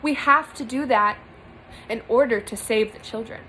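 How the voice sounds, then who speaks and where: A woman's voice: on the high side, normal speed, sharp tone, a little hiss or hum, poor audio. Earnest young woman preaching to camera. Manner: earnest, emphatic, repeats phrases for stress. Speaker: spiritual vlogger. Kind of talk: earnest spiritual monologue to camera. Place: small room indoors.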